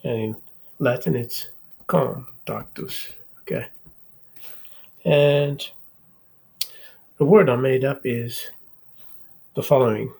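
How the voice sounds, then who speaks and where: Male math channel host, unhurried lecture delivery, gravelly and somewhat husky voice, halting phrasing with frequent "okay?" checks. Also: medium pitch, dark tone. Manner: slow, halting, repeats words, says "okay?" often.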